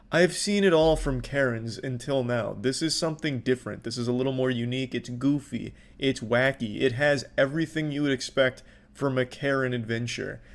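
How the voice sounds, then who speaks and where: A man casually commenting on videos in a sarcastic, profane, deadpan way. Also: medium pitch. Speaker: online commentator.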